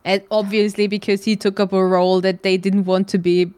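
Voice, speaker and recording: A young woman from Germany chats casually on a podcast, her mid-pitched voice recorded dry and close. She rambles and restarts often and swears freely. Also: flat delivery, fairly quick, a little mellow, no room sound. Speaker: podcast co-host. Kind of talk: casual chat.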